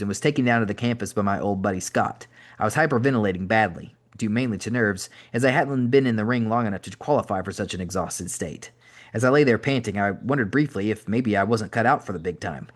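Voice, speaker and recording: A man narrating an audiobook in a brisk, wry first-person reading. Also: fairly low pitch. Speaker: podcast host reading an audiobook.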